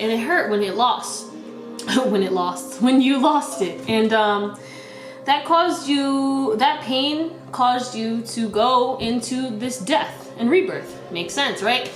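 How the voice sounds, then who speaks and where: A woman's voice: a little high, unhurried, roomy sound, music in the background, rough recording. A young woman giving a casual tarot reading, laughing often and talking in a scattered, slangy way. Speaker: tarot reader.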